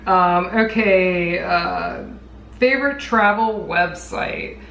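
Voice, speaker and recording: A woman's voice: lowish voice, slow, vocal fry, fairly bright tone, slight background noise. A woman with a Southern US accent, co-hosting a casual travel vlog chat and laughing often. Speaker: vlog co-host. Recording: echoey room, faint ambience.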